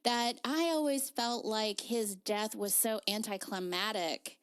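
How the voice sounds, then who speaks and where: A woman's voice: mid-range voice, fairly even intonation, unhurried, clear, resonant tone, dry recording, clean studio sound. A woman co-hosting a casual podcast, frank and prone to groaning sighs. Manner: frank, groaning "ugh" when annoyed. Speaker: podcast co-host.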